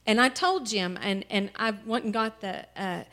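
A woman telling her family's story as a church testimony, tearful and halting, with many pauses and fillers. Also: medium pitch, a bit bright. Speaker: mother sharing a testimony. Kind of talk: emotional personal testimony. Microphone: handheld microphone.

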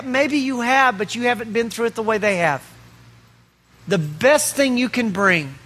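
A man preaching a sermon as pastor, asking rhetorical questions and pausing for effect. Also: high-pitched, bright, forceful tone.

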